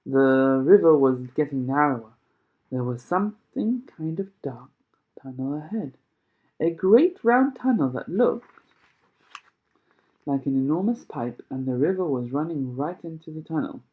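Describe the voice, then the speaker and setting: A man reading a children's novel aloud chapter by chapter, with expressive storytelling. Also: on the high side, unhurried. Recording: tinny phone-like sound.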